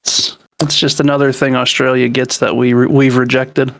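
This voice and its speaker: A man's voice: medium pitch, little pitch movement, moderate pace, no room sound. A man on a casual podcast, making dry jokes in a sleepy way. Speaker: podcast co-host. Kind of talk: casual chat.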